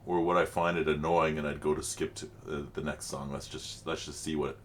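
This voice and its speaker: A man's voice: rumbling low, flat delivery, brisk, background noise. A middle-aged man, rambling chattily as he hosts a reaction vlog. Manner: rambling, chatty, frequent fillers. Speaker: channel host reacting to music.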